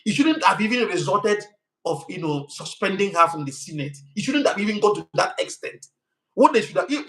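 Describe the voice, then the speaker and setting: A man's voice: sits high, a bit bright, rough recording. A young Nigerian man with a Nigerian accent hosting a live stream, talking passionately with many restarts and heated outbursts at commenters.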